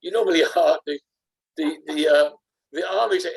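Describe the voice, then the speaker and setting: A rabbi teaches a Torah lesson in a slightly husky voice. His intonation swings widely and playfully, and he breaks into mini performances to make his points. He talks to his class in an animated, joking way. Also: sits high, a little fast, rough recording. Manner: animated, jokey, acts out examples.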